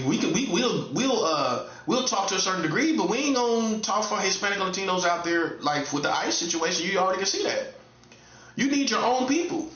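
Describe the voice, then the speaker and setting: In a somewhat roomy, dull-sounding recording, a high-voiced man from North Carolina, an online commentator, delivers a bright, forceful, casual monologue. He lectures the listener and repeats himself to drive points home.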